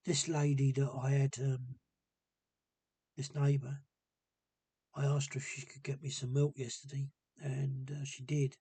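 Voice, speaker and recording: A man talking casually to camera in a hesitant, rambling and subdued way, with a gravelly, husky voice. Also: mid-range voice, completely flat delivery, measured pace, long pauses, warm tone, dry recording. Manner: hesitant and rambling, many ums. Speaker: vlogger. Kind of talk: casual personal monologue.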